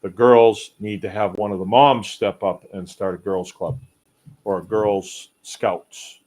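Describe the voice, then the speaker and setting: Middle-aged man, folksy and rambling, unhurried drawl, casual host chat. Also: on the low side, fairly even intonation, a little mellow. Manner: rambling, folksy, reads viewer comments aloud. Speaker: podcast host. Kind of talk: casual live-stream chat.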